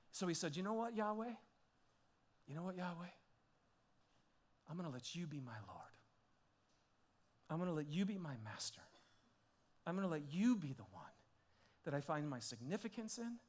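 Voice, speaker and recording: A man preaching a sermon, swinging between hushed, intimate questions and loud, excited exclamations, with frequent laughs and restarts. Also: a little high. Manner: repeats himself and restarts, laughing often. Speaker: pastor.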